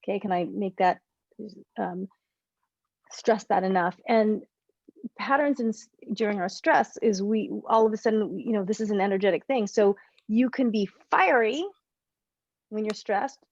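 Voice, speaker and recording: A woman's voice: mid-range voice, normal speed, long pauses, dry recording. A woman coach leads a group session over a video call, talking through ideas in loose, rambling bursts and correcting herself mid-sentence. The audio is a little dull and dry, with no room sound. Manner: rambling, self-correcting, animated explanations. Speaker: relationship coach.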